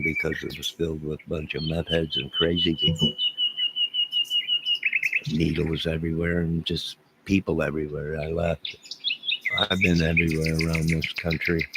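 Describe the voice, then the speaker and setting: This livestream host is a middle-aged man whose voice sits extremely low. He rambles and jokes while responding to chat, with birds chirping loudly in the heavily noisy background.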